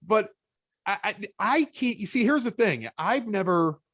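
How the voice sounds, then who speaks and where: A man with a Chicago accent, a podcast guest telling stories in casual chat, animated and often stammering through restarts. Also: sits high, a little slow, dry recording. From Chicago, United States.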